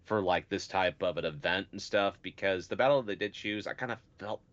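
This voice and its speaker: A man's voice: low-pitched, brisk, fairly bright tone. A man co-hosting a podcast in casual chat, rambling and hedging with lots of "like" and "sort of". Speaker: podcast co-host. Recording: dull, lo-fi sound.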